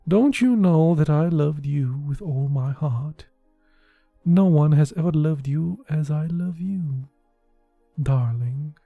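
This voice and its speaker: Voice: mid-range voice, slow pace, gravelly, dry recording, narrow, tinny audio, soft background music. A reader voicing a grieving young woman in an audiobook, pleading and tearful. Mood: anguished. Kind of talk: audiobook dialogue.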